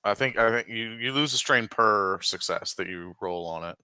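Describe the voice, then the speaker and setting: A man's voice: on the low side, moderate pace, pushed and bright, clear, resonant tone, no room sound. A man playing a tabletop game, joking around and hesitating with many restarts. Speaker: player. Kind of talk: casual tabletop play.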